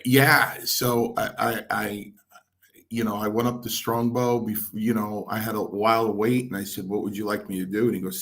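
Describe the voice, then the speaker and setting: A middle-aged former pro wrestler tells stories in a shoot interview, animatedly acting out the quoted dialogue. His voice sits on the low side at a moderate pace.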